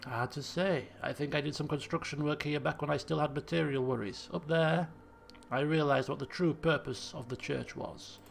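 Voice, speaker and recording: A man voicing a burnt-out former addict turned mystic in a video game, speaking slowly in a hushed, solemn tone. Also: fairly high pitch, steady tone, creaky. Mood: solemn, dreamy.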